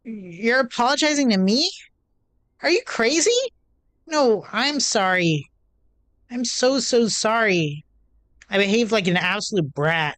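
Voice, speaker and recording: A woman's voice: medium pitch, no echo, close to an everyday voice. A woman voicing a feisty, prickly teenage girl who speaks in a snappy, earnest way.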